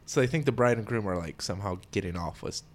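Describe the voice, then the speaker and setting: A man with a low voice co-hosts a casual chat podcast. He tells a story in a relaxed, unhurried way with lots of fillers. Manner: relaxed, recounts stories with many fillers. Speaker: podcast co-host.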